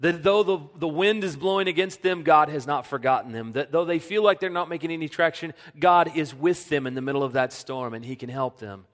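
A man's voice: fairly high pitch, brisk, few pauses. Earnest male pastor in a reverberant hall. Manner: earnest, drops to a soft hush when quoting God. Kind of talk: sermon. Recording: long reverb of a church hall.

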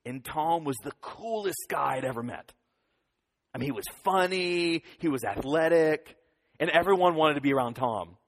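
A man in his thirties giving a lively children's sermon, leading the kids in call-and-response. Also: mid-range voice. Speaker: children's pastor. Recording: long hall reverb.

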